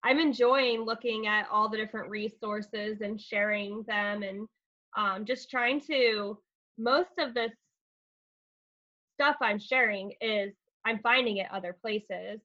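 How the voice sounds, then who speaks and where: A woman's voice: medium pitch, takes it slowly, pushed and bright. A woman school counselor as a podcast guest, earnest and explaining things step by step with fillers. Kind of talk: casual podcast interview. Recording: slightly dull, lo-fi sound.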